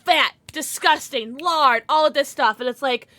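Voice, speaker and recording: Woman, 30s, gaming streamer, casual chat, bright and slightly high. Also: measured pace. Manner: chatty, affectionate with chat, frequent fillers.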